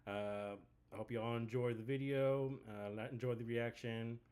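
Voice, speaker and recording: A man's voice: mid-range voice, fairly even intonation, moderate pace, darkish tone, clear, resonant tone. A man hosting a live reaction video, talking casually and rambling with lots of fillers. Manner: easygoing, rambling with many fillers.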